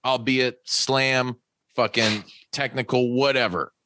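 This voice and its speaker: Bright-voiced podcast host man. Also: medium pitch, fairly even intonation, takes it slowly, no echo. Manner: laid-back, profane questions. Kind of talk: casual podcast interview.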